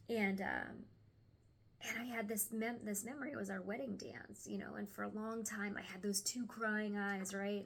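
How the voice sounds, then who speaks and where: A woman's voice: mid-range voice, gravelly, breathy edge. A young woman chatting casually at home through a tarot card reading, stumbling over words now and then and sometimes dropping to a whisper.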